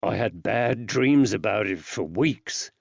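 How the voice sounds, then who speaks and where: A man playing a weary, gruff working-class constable and husband who talks in a blunt, plain-spoken way. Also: fairly low pitch, expressive, slow, dry recording, heavily acted. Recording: dry, slightly dull recording.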